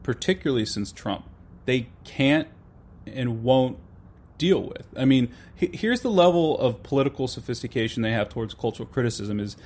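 A man of medium pitch holds forth in a relaxed, opinionated conversation about film and politics. He talks quickly and restarts his sentences often, leaning on fillers as he builds his argument.

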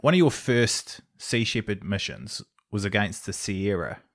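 A man's voice: on the low side, expressive, a little slow. A man hosting an interview, asking curious, conversational questions. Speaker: interviewer, host.

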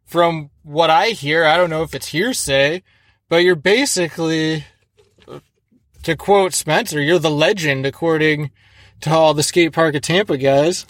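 A man from the Midwest hosts a casual chat, excitable and meandering, with plenty of fillers and cursing. His voice sits a bit higher than most men's. The sound is dry and close-miked. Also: a little slow, no room sound. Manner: excitable, rambling, lots of fillers and swearing. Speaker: podcast host. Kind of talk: casual podcast interview.

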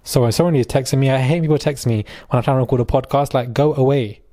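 A man's voice: medium pitch, racing, mellow, dry recording, clean studio sound. A young man with a British accent hosting his own podcast, chatting casually in a sarcastic, rambling way with plenty of fillers. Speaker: podcast host. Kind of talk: casual chat.

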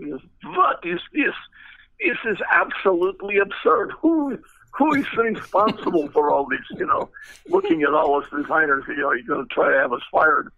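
A man's voice: mid-range voice, dry recording. An older man, a retired car designer, telling stories in a rambling way with many fillers and restarts. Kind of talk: anecdotal storytelling. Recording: tinny phone-like line, dry.

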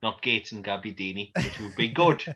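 A man's voice: fairly low pitch, moderate pace, bright, forceful tone, breathy edge. A man co-hosting a podcast in casual chat, joking, laughing often and tagging questions onto his remarks. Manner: jokey, laughs often, adds tag questions. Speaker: podcast co-host.

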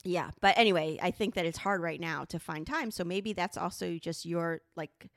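A middle-aged woman on a podcast, telling a funny story in an animated, casual way and swearing freely. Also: lowish voice, normal speed, no echo, clean studio sound. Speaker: podcast co-host.

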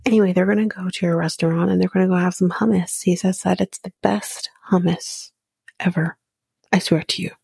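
A woman hosting a podcast, recapping a reality show in casual chat, blunt and sarcastic, swearing freely and slipping into soft whispery asides. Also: on the low side, steady tone, fairly quick, creaky, breathy edge, no room sound.

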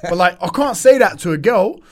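A man's voice: sits high, fairly quick. A man chatting casually as a podcast guest, telling stories with lots of slang. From Turkish heritage. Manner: animated storyteller, laughs often, British slang. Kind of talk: casual chat.

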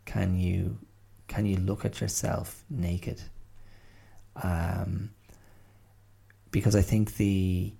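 A middle-aged man talks through his thoughts alone on a podcast, circling back and restarting as he goes. His voice sits low and dark with a gravelly, husky edge. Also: flat delivery, extremely slow, pauses often. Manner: thoughtful, hesitant, many restarts and fillers. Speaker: podcast host. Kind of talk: reflective solo monologue.

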